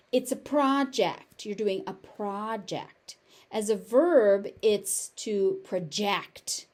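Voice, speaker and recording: A woman with a General American accent teaching pronunciation, repeating each word slowly and carefully. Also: mid-range voice, darkish tone. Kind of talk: pronunciation lesson with word drills.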